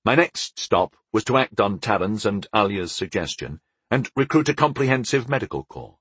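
A man's voice: on the low side, animated, moderate pace, a bit bright, husky, no echo. A man narrating a first-person fantasy audiobook in a wry, conversational manner.

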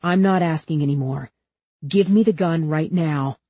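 A calm, steady man speaks low and firm, soothing yet commanding, as a woman narrator puts him on. The tone is husky, lowish and dry, with a slightly muffled sound. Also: normal speed, no room sound.

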